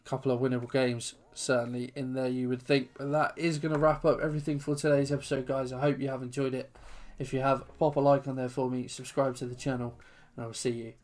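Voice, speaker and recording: A man's voice: medium pitch, level tone, quick pace, few pauses, darkish tone. A young man commentating his own football video game match as a channel host, then recapping the standings and signing off while out of breath.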